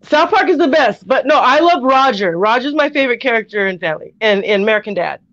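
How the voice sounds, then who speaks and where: A woman co-hosting a casual chat, excitable and laughing often. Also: fairly high pitch, quick pace, no echo, lo-fi sound. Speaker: podcast co-host.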